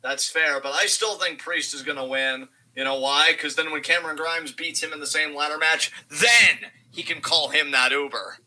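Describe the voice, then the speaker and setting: A man's voice: fairly high pitch, moderate pace, hardly any pauses, bright, forceful tone, rough recording. A man co-hosting a live wrestling reaction stream, adding dry, wisecracking asides. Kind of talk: casual banter and commentary.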